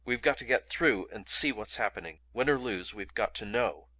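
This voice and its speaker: A man voicing a forceful, commanding man who barks urgent orders. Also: lowish voice, animated, moderate pace, no echo. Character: forceful commanding man protecting his sister.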